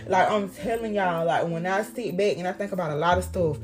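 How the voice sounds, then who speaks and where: A woman's voice: fairly low pitch, a little fast, faint music behind. A young woman giving life advice in a casual motivational monologue, heartfelt and emphatic, repeating lines for effect, with slangy, profane talk.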